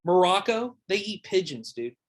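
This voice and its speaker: A man's voice: high voice, sing-song, normal speed. Young man, casual podcast chat, rambling, swears a lot, filler words. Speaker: podcast host or guest.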